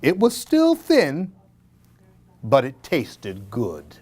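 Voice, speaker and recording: A man reading a spooky children's story aloud as a children's librarian, in an animated, dramatic storytelling manner. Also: mid-range voice, drawn-out words, slight background noise.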